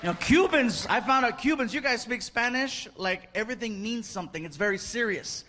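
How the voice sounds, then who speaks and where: A man doing stand-up on a club stage, telling animated stories and slipping into characters. His voice sits fairly high. A loud live crowd and steady noise fill the room behind him. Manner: animated storytelling, acting out characters in quick bursts of Spanish. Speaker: stand-up comedian. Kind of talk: stand-up comedy.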